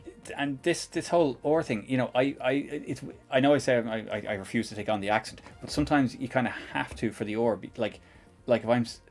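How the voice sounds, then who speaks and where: A man's voice: medium pitch, fairly quick, hardly any pauses, faint music behind. A man with a Northern Irish accent, streaming a live coding tutorial and chatting in a rambling, chuckling way. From Northern Ireland. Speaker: programming streamer.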